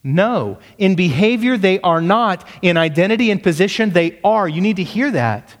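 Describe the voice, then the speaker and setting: A man preaching a sermon as pastor. He speaks emphatically, pushes his pitch up to stress points, and asks the congregation rhetorical questions. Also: expressive, normal speed, in a large hall.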